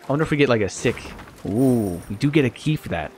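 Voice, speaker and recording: A man streaming a video game, thinking aloud in a casual, self-mocking way and getting easily excited. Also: medium pitch, fast, a little hiss or hum. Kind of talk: casual let's-play commentary.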